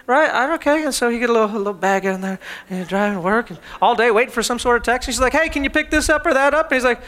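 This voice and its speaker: A man's voice: very high voice, rapid-fire, a bit bright. A man preaching a sermon with humor, acting out everyday household scenes as he tells them. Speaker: pastor.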